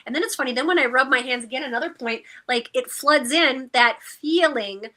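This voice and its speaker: A woman's voice: sits high, brisk, bright, forceful tone. A woman co-host in a casual chat, upbeat, encouraging and effusive.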